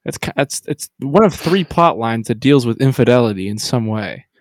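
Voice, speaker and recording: A man's voice: medium pitch, lively intonation, moderate pace, no echo, studio quality. A man co-hosting a podcast, chiming in with wry, sarcastic asides in casual chat. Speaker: podcast co-host.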